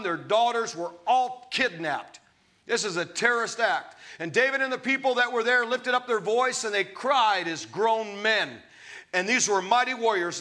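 A man's voice: sits high, bright, forceful tone. A man preaching a sermon, reading scripture aloud and breaking off into emphatic, conversational asides to his listeners.

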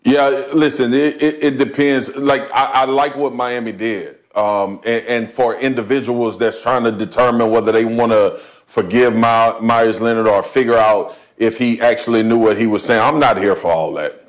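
A panelist on a sports show offers his view in a casual, halting way, often restarting his sentences. His voice sits in a plain middle range. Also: medium pitch, fairly even intonation. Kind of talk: casual opinion talk.

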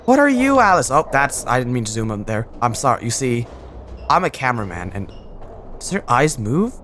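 A gamer giving rambling, excitable let's-play commentary, swinging between loud outbursts and mumbled asides. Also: mid-range voice, normal speed, slight background noise. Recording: voice over game music.

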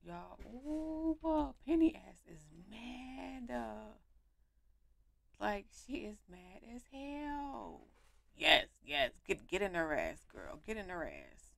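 A young woman giving animated, slangy commentary while playing a life-sim game on her home mic. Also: medium pitch, takes it slowly, vocal fry, dry recording. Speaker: gaming YouTuber. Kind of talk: let's play commentary.

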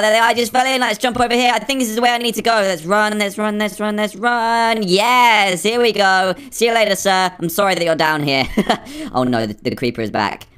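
A man with a pitched-up voice filter talking excitably and nervously as he plays through a game. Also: clear, resonant tone. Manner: excitable, jittery, nervous exclamations. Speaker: gaming video creator. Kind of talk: playing through a game adventure.

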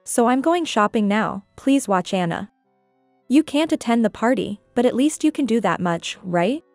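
A woman's voice: a little high, lively intonation, normal speed, no room sound, faint music behind, voice pushed up. An older woman voicing a selfish young daughter-in-law who talks in a curt, condescending way. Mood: dismissive.

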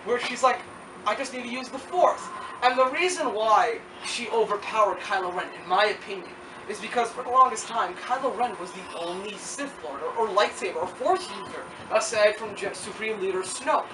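A movie reviewer talking casually and excitably, rambling with lots of "like" and acting out quotes. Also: medium pitch, brisk, recorded from a distance. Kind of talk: casual film review chat. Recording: echoey room from off-mic with noise.

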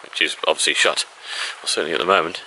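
A man's voice: very deep voice, fast, noisy background. A man chatting casually through a travel vlog outdoors in the countryside, rambling a little and laughing now and then. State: out of breath. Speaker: vlogger.

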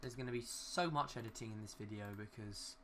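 This is a young male gaming YouTuber talking casually and rambling as he builds in a city game, swearing a bit at glitches and addressing himself. The voice is mid-range, a little fast and fairly bright, over slight background noise.

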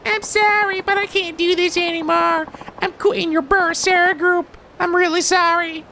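A man voicing a sweet, timid teenage schoolgirl in a sing-song falsetto while reading game dialogue on stream. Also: level tone, normal speed, creaky, bright, forceful tone, a little hiss or hum, full character voice. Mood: apologetic.

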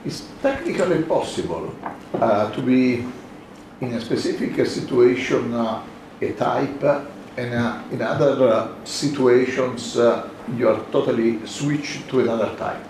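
Man, audience comment, halting, lots of fillers, distant, noisy echoey room. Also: mid-range voice. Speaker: audience member. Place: meeting room.

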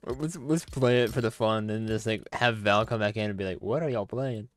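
A young man hosting a gaming livestream, chatting in a relaxed, unhurried way over a headset. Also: fairly low pitch, dry recording, clean studio sound. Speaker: streamer host. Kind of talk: casual gaming chat.

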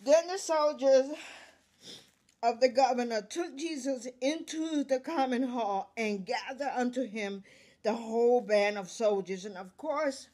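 Woman reading the bible real slow, calls out the verse numbers then explains, keeps coughing. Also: a little high, darkish tone. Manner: reads verse numbers aloud, then restates in plain words. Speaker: host reading scripture.

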